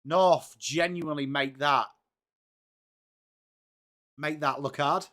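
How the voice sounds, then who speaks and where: Slightly high and a touch bright, this man's voice moves at a slow pace. He's from England and runs a live football watchalong, chatting easily and cheerfully welcoming viewers by name.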